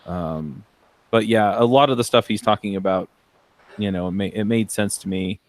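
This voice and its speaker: Low-voiced man, hesitant chat. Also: normal speed, no echo. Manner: hesitant, many ums and restarts. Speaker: podcast co-host. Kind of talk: casual chat.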